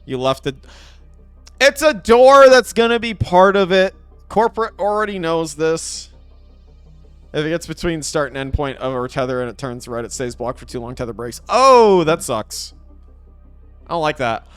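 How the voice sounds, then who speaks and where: A young man streaming a game live, chatting to his viewers in an excitable, playful way. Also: fairly high pitch, moderate pace, clean tone, no room sound, faint music behind. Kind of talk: live game commentary with chat.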